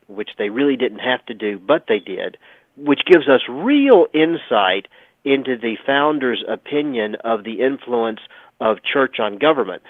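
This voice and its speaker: Male radio guest on a phone line, emphatic storyteller, mid-pitched, dry tinny sound. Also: no echo. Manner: emphatic, sarcastic storytelling with repeated phrases. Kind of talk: radio talk show history explanation.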